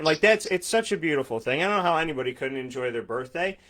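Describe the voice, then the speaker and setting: A man's voice: on the high side, lively intonation, fast, hardly any pauses, a bit bright. A man in his thirties from upstate New York hosting a morning sports talk show, upbeat and effusive, repeating words for emphasis. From Syracuse, New York. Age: 30s. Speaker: sports radio host.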